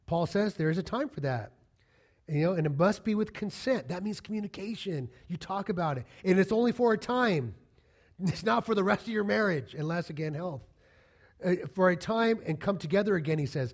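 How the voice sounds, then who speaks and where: A man's voice: on the high side, a little mellow. A man preaching a conversational sermon to his congregation, acting out little quoted exchanges as he goes. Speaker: pastor.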